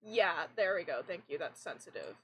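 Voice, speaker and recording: A woman's voice: on the low side, normal speed, slightly rough, low-quality recording. Rambling young woman streamer. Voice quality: fairly androgynous voice. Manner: rambling, restarts often, animated. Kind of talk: casual live-stream chat.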